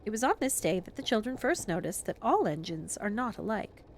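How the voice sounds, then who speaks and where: A woman reading a children's story aloud in a calm, gentle, measured way for relaxation. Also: mid-range voice, a little hiss or hum.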